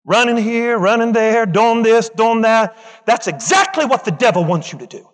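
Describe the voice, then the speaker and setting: A man's voice: very high-pitched, animated, moderate pace. A man preaching a sermon with passion, driving points home through rhythmic repetition and calling out to the congregation. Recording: long reverb in a large hall.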